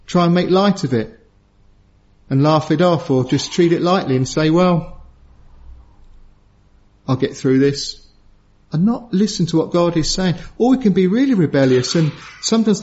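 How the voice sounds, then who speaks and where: Man, preacher, evening sermon, high voice, earnest, repeats words, dull lo-fi church recording. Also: darkish tone. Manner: earnest, repeats words while searching for the next.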